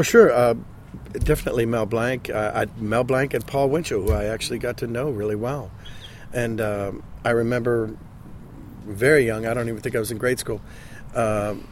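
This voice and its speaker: A man in his sixties, a voice actor speaking in a casual interview, halting and often repeating his words. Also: mid-range voice, a little hiss or hum. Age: 60s. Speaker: voice actor guest.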